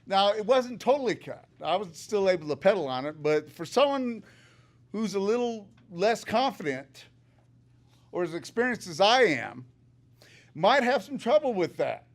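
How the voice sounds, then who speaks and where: An older man with a high voice gives public comment at a meeting. He is chatty, upbeat and joking. He speaks into a podium microphone in a meeting room. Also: sing-song, normal speed.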